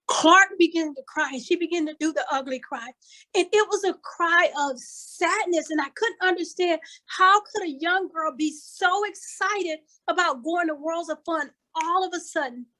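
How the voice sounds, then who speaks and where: Over a video call with poor audio, an older Kansas City woman speaks as a conference speaker giving a motivational talk. Her voice is high-pitched and fairly bright, and she tells a story like a preacher, hammering emphatic, repeated phrases.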